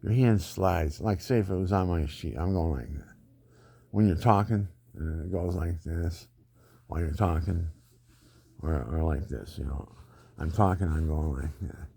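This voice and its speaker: A man's voice: deep voice, measured pace, creaky, warm tone, slightly rough, no room sound. An older man telling rambling personal stories in a digressive way, often laughing at his own anecdotes.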